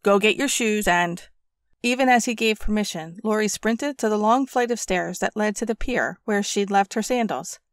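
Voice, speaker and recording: A woman reading a parenting audiobook aloud in a gentle storytelling manner, close to the mic. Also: medium pitch, moderate pace, hardly any pauses, no echo. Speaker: audiobook narrator. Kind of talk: scripted audiobook narration.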